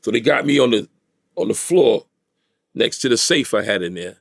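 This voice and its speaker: In a studio with no room sound, a middle-aged New Yorker guesting on an interview tells a vivid street-style story and acts out other people's voices. His medium-pitched voice is expressive and creaky, at a moderate pace.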